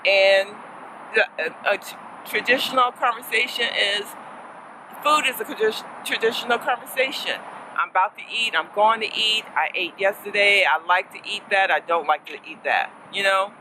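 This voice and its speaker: A woman's voice: mid-range voice, normal speed, background noise. A woman casually teaching a lesson as a fellow learner, chatty and playful, laughing often and slipping in Spanish words.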